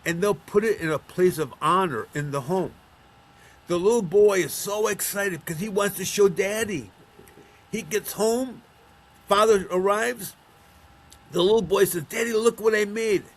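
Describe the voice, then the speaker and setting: A man's voice: high-pitched, a little slow, long pauses. A man from Buffalo, New York, a middle-aged or older counselor being interviewed, telling stories and acting out the voices of the people in them. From Buffalo, New York, USA. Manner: storytelling, acts out quoted voices. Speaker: guest, counselor of men. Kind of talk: conversational interview.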